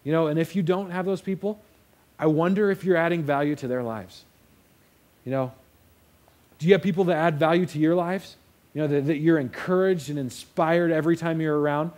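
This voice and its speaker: A man's voice: a little high, brisk, darkish tone. A young man preaching a sermon in a casual storytelling way, acting out the quotes. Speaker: pastor.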